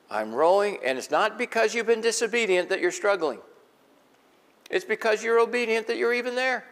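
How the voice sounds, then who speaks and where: A man's voice: high-pitched, fairly bright tone. A man preaching a sermon in a conversational, folksy way, asking the congregation questions. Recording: long echo of a large hall.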